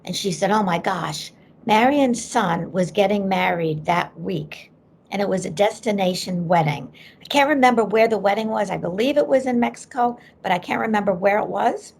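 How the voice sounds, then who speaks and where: Brief: middle-aged woman, medium-pitched and gravelly, an animated podcast guest telling a story. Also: moderate pace. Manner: animated storyteller who acts out quoted voices.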